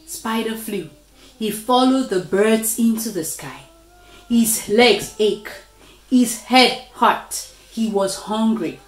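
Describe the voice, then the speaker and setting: A woman reading a children's story aloud in a slow, expressive way. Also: medium pitch. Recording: echoey room.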